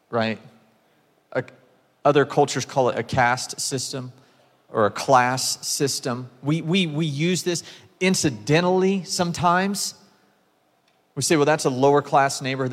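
A pastor in his thirties delivers a sermon in a casual, emphatic way, often turning to ask the congregation whether they are with him. His voice sits at a middle pitch. It rings out with a long reverb through a church sanctuary. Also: fairly bright tone. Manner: conversational, emphatic preaching with frequent asides to the congregation.

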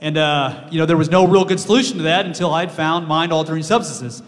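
A man's voice: a little high, fairly even intonation. Man sharing his testimony, hesitant, stop-start, reverberant hall. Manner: halting, with many fillers and restarts. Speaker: guest speaker sharing testimony. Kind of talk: personal testimony.

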